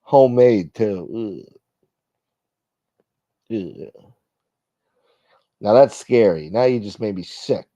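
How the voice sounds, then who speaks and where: A man's voice: fairly low pitch, slow pace, long pauses, warm tone, no room sound. A man hosting a casual livestream, reading viewer comments aloud in a blunt, profane, wisecracking way. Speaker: livestream host. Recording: dull, lo-fi dry sound.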